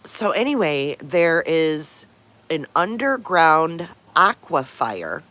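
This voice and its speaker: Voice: medium pitch, big pitch swings, slow pace, sharp tone. A livestream host chatting casually over morning coffee, stopping often to greet viewers by name and to coo at pet dogs.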